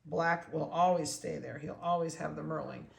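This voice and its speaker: Gravelly-voiced dog breeder cooing at puppies. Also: mid-range voice, fairly even intonation, normal speed. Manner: chatty, coos at the puppies in soft baby talk. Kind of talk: casual talk while handling puppies. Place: indoor room of a home. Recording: echoey room, faint background noise.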